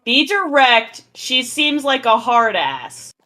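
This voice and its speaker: A woman hosting a gameplay stream, chatting casually with her co-player. Her voice sits a little high and bounces around a lot, and she swears freely. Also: takes it slowly. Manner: expressive, swears often. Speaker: streamer and host.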